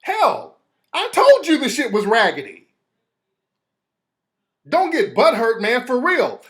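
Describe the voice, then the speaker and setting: Animated, profane man ranting on his show. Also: very high voice, slow pace. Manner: profane, heated, reading texts aloud. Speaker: show host. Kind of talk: casual live rant.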